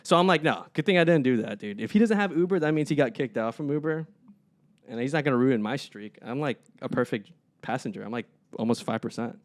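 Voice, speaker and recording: A young man chats casually as a podcast co-host. He tells his stories with animation and voices the people in them, his pitch sitting in the middle range. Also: lively intonation, fast. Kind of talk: casual storytelling chat.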